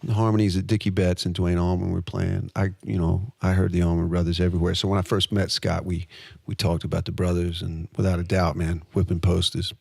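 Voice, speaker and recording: An American man, a guest guitarist, talking about his influences in a relaxed, conversational way with many fillers. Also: low-pitched, a little fast, gravelly, husky, dry recording. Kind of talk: casual interview talk.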